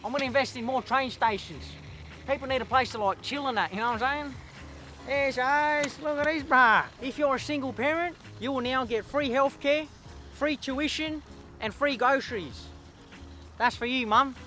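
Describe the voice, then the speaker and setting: Soft background music accompanies an Australian man voicing a comedy sketch character: a brash young eshay street lad who became prime minister. His very high voice is pushed and bright at a normal speed, oozing cocky, slangy swagger.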